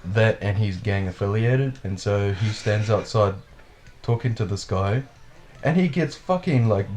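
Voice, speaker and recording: A man telling a wild story in casual chat, animated and full of swearing, laughing as he goes. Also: lowish voice, measured pace. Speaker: podcast storyteller.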